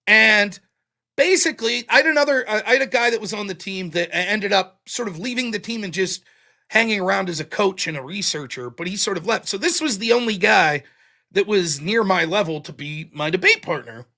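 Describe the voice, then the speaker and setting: A man's voice: sits high, fairly quick, bright, forceful tone. A man hosting a livestream commentary show, talking bluntly and swearing freely. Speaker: host.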